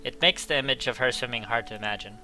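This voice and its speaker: A young man reads visual novel narration aloud in a casual let's play manner. His voice is bright and forward at a middle pitch. Faint background music plays under him. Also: fast. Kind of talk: casual game read-along narration.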